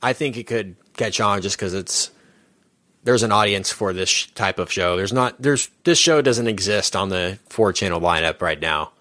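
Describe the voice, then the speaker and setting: A man's voice: fairly low pitch, moderate pace, pushed and bright, no room sound. A man co-hosting a podcast in casual chat, with dry sarcastic remarks. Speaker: podcast co-host.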